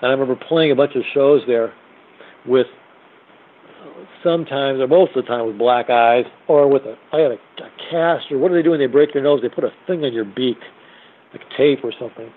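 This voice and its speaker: A man's voice: mid-range voice, fairly quick. A man, a musician, telling a blunt and profane story in a casual spoken way. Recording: tinny phone-like audio.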